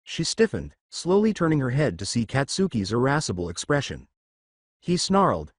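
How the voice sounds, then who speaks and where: A man narrating a fan fiction story with an expressive reading. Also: medium pitch, normal speed, no echo.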